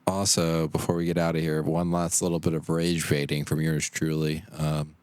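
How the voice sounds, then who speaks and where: A man's voice: extremely low pitch, little pitch movement, moderate pace, a little mellow, clean tone, no room sound. A man co-hosting an anime podcast, teasing and opinionated in casual chat. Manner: teasing, opinionated, self-aware. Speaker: podcast co-host.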